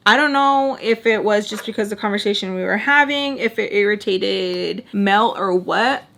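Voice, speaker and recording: A storytime vlogger in her twenties tells a story casually and chattily, packing her sentences with "like" and acting out the quotes. Her medium-pitched voice is creaky and a bit bright, at a moderate pace.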